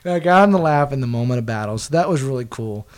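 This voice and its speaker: A man's voice: mid-range voice, fast talker, clear, resonant tone. A man telling a work story in casual chat, swearing freely and laughing as he talks. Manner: profane, laughing, animated storyteller. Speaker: guest, former team video staffer.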